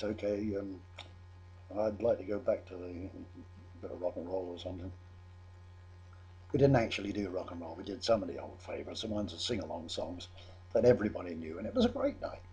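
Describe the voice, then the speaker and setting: A man's voice: sits low, mellow, muffled recording, slight background noise. Older English man telling a story. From England. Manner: chatty, self-amused, with frequent restarts. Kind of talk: personal anecdote.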